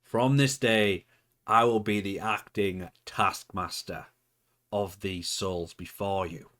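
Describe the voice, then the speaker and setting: A man voicing a cryptic female wrestling manager in a put-on accent, speaking slowly and solemnly. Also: fairly low pitch, fairly even intonation, a bit bright. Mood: ominous, commanding. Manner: slow, solemn, commanding promo. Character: cryptic woman manager of a villain stable.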